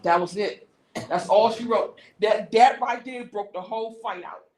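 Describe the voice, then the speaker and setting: A woman casually telling a story on a talk stream, lively and slangy. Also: mid-range voice, moderate pace, roomy sound, rough recording. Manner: lively, animated retelling with slangy asides.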